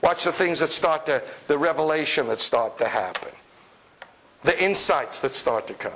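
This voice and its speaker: An animated male preacher with a fairly high voice delivers a lively sermon. He talks playfully and acts out the voices of the people he describes. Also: normal speed. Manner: animated, acts out quoted voices, chuckles often. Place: church service with congregation.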